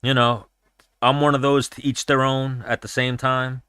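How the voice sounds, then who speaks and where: A man's voice: mid-range voice, little pitch movement, moderate pace, bright, forceful tone, smooth, no room sound, clean studio sound. A man hosting a casual livestream chat while watching fights, blunt, profane and rambling. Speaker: podcast host.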